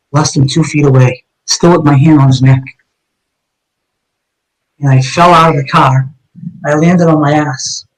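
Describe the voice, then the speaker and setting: A man's voice: on the high side, rough recording. A middle-aged man, a retired detective, telling his story as an interview guest in a vivid, intense way, often restarting and repeating words. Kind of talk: dramatic first-person storytelling in an interview.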